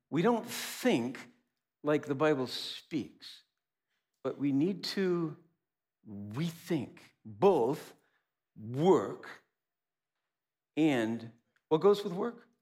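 A man preaching a sermon, animated, asking rhetorical questions and acting out little dialogues. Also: on the high side. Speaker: pastor.

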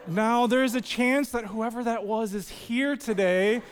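A man's voice: very high-pitched, slow. A man preaching a sermon as a pastor, telling a personal story in a casual, humorous way with frequent "like" fillers, in a church sanctuary. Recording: long reverb of a large hall.

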